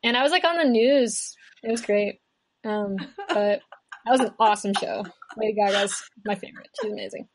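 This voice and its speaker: Young woman guest from Kentucky, mid-pitched, chatty and rambling. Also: moderate pace. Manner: chatty, rambling, lots of "like" fillers. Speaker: guest musician. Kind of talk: casual chat.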